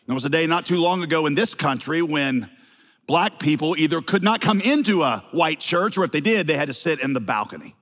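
A man's voice: on the high side, lively intonation, a little fast, a bit bright, long reverb tail. A middle-aged male pastor with a slight Southern accent, preaching a sermon with wry, teasing asides to the congregation.

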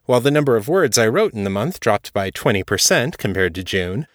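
Male podcast host and author, steady reader, lowish voice, dry close-miked sound. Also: brisk, no echo. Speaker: podcast host and author reading his fiction. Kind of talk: first-person story narration.

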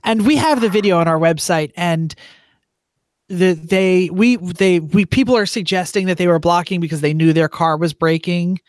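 A man's voice: high-pitched, moderate pace, dry recording, studio quality. A man on a racing team, a guest telling a long story in a casual, rambling way with lots of fillers. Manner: rambling, filler-heavy, restarts often.

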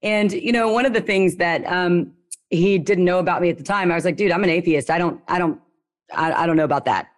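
A young woman from Louisiana with a Southern accent, telling her story as a guest in a casual, lively way with playful slang. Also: fairly low pitch, a little fast.

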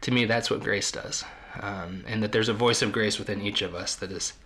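A podcast host reading a story aloud from a book in a measured, storytelling way. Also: male voice, fairly low pitch, steady tone, fairly bright tone, a little hiss or hum.

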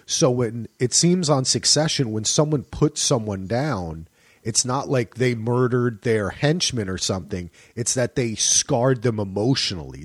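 A man from New Jersey hosting a casual group chat over a call, lively and quick to laugh. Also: mid-range voice, slightly rough, no echo, studio quality. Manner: lively, animated, laughs easily. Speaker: podcast host. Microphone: home microphone on a call.

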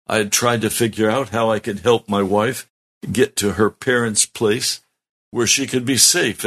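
Slow, low-voiced pastor giving testimony. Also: male voice, fairly bright tone. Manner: slow, earnest storytelling with heartfelt emphasis. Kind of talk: sermon testimony.

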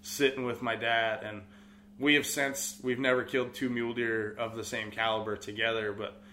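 A man's voice: mid-range voice, level tone, normal speed, sharp tone, a little hiss or hum. Rambling young Californian man telling stories. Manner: rambling, many "like" fillers, acts out quotes. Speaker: guest, outfitter business owner. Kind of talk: casual storytelling.

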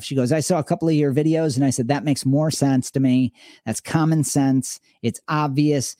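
A man co-hosting a podcast, talking casually and telling animated stories in which he acts out the people he quotes. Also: fairly high pitch, moderate pace, no room sound, studio quality. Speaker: podcast co-host.

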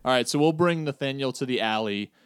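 A man's voice: medium pitch, fairly quick, clean tone, no room sound, studio quality. Man describing his character's moves. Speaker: player. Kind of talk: describing actions in a tabletop game.

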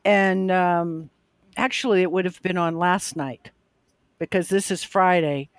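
A woman's voice: on the low side, a little slow, dry recording. A woman, a drummer and guest on the show, chatting casually and telling stories with quoted back-and-forth. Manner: chatty, storytelling with quoted exchanges. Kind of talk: casual chat.

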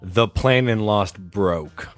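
A man's voice: lowish voice, slow, no room sound, soft background music. A man co-hosting a casual podcast, dropping dry jokey asides. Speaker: podcast co-host. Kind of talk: casual chat.

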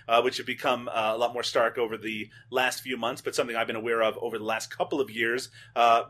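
A man's voice: medium pitch, fairly bright tone. A man hosting a casual podcast discussion, steering the talk and putting questions to his co-hosts. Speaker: podcast host.

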